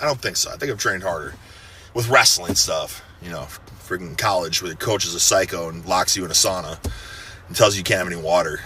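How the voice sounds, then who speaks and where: A man's voice: sits low, bright, forceful tone, a little hiss or hum. A man of thirty giving a casual, profane motivational pep talk, intense and full of gym bravado. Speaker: fitness personality giving a personal message.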